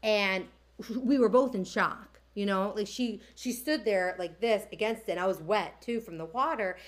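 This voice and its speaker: A young woman chatting on a podcast, telling a story with lots of fillers and animated quoted voices. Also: mid-range voice, normal speed. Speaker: podcast co-host. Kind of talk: casual chat, storytelling.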